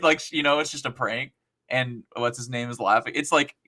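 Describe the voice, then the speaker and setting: A man's voice: medium pitch, normal speed, pushed and bright. A man chatting as a guest on a gaming podcast, enthusiastic and telling stories in a chatty way. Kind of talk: casual podcast chat.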